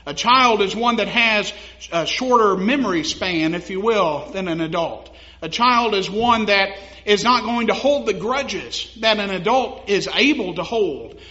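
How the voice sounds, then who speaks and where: A young man delivers a sermon in a high, bright voice. He talks to his congregation casually and laughs at his own anecdotes, then builds to emphatic appeals. The recording sounds muffled and lo-fi. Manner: conversational preaching, laughs at own stories, rises to emphatic. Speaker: pastor. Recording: dull lo-fi sound.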